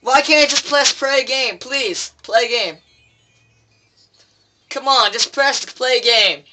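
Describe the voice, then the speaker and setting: A man's voice: very high voice, slow pace, background noise. A teenage boy commenting on his own gameplay, swearing and pleading with the game in frustration. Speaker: gameplay video maker.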